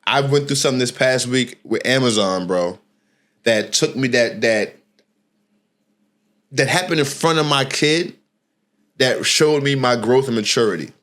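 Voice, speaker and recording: A middle-aged man hosting a podcast, telling a personal story in a casual, slangy, animated way and often restarting his phrases. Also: medium pitch, a little slow, long pauses. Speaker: podcast host.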